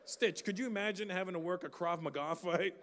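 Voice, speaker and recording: A middle-aged Canadian man performs stand-up live on stage at a large venue, telling stories, swearing freely and chatting with the crowd. His voice sits high and is fairly quick with a fairly bright tone. The recording carries live hall reverb and faint ambience.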